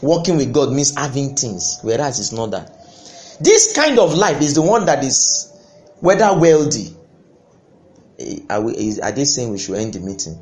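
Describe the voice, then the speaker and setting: Guy preaching hard, voice jumps all over, big loud bursts. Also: mid-range voice, very animated, moderate pace, a little hiss or hum. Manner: impassioned, with sudden loud bursts and laughter. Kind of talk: sermon.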